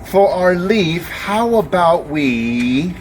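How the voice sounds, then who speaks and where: A man presenting a children's nature walk, speaking slowly and in an exaggerated, coaxing way that invites kids to join in, recorded outdoors. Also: high voice, expressive. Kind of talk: children's educational walk-along. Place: outdoors by a river. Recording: outdoor noise with passing traffic.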